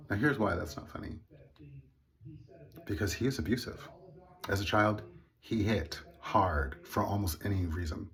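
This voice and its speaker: A man's voice: deep voice, a little slow, long pauses. A man telling a personal story in a casual monologue, earnest and indignant with wry laughs. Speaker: vlogger.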